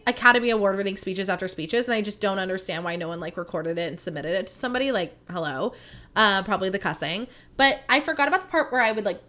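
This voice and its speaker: A woman in her thirties hosting a podcast, chatting casually and animatedly, saying "like" a lot. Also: medium pitch. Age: 30s. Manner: chatty, animated storytelling, heavy use of "like". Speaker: podcast host. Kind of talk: casual chat.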